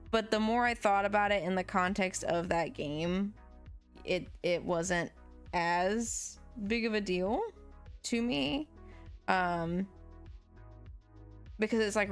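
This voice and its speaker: A woman streamer chatting casually while drawing, rambling and swearing freely, her voice jumping up in pitch now and then. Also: smooth.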